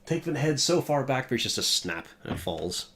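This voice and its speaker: A man running a tabletop game as game master, calling hits and describing combat in a relaxed way. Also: medium pitch, moderate pace.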